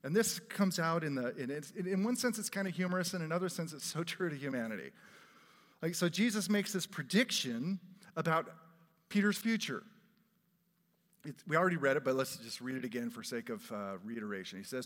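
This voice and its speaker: A man preaching a sermon in a church, earnest and animated, breaking into laughs and asides. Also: medium pitch, fairly quick. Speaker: pastor. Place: church sanctuary. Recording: long hall reverb.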